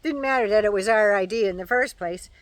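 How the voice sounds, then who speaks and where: A woman's voice: medium pitch, fairly quick, dry recording. An older woman chatting casually to camera outdoors at home, folksy and opinionated with dry asides. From Canada. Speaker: vlogger.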